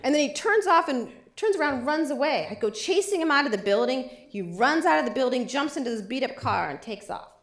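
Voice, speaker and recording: A woman's voice: high voice, expressive, brisk, hardly any pauses, roomy sound. A woman lawyer giving a lecture, telling a vivid personal story. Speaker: civil rights lawyer. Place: lecture hall.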